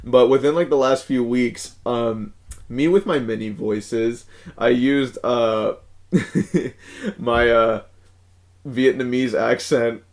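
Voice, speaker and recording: Young man, podcast co-host, casual rambling chat, swears a lot, halting restarts, laughs often, mid-pitched voice. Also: darkish tone.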